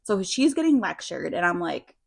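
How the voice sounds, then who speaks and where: Low-voiced woman telling a rambling story. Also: sing-song, normal speed, gravelly, slightly rough. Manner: rambling, filler-heavy storyteller. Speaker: podcast co-host. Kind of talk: casual storytelling chat.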